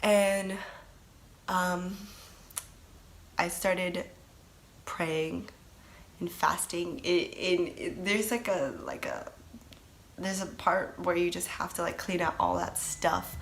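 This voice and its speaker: Young woman telling her story, lowish voice, lots of likes and ums, faint hiss behind. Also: lively intonation, slow pace, vocal fry, pauses often. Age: young adult. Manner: earnest, rambling with many fillers and restarts. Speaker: testimony speaker. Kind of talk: personal testimony.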